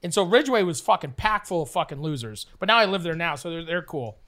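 A young man from Canada telling a rambling, profane story in casual chat, acting out scenes with loud bursts. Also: on the high side, quick pace. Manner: rambling, profane, animated, acts out the scenes with shouts. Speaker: storyteller guest.

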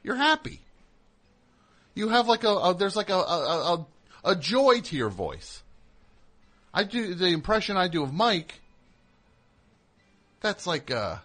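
A man's voice: high voice, very animated, unhurried, pauses often, fairly bright tone. A man hosting a radio show, rambling and joking, interrupting himself as he talks into a studio mic. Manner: rambling, jokey, self-interrupting. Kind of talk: casual radio monologue.

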